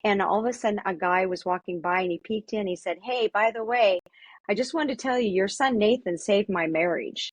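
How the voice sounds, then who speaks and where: A woman's voice: medium pitch, no echo. A middle-aged woman, an interview guest and mother, telling stories in a casual, earnest way with many restarts. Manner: earnest, halting, lots of restarts. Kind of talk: casual storytelling.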